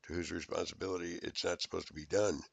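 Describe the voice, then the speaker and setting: A man's voice: low voice, fairly even intonation, fast, vocal fry, husky, no echo. A man in a rambling, profane, accusatory recorded rant.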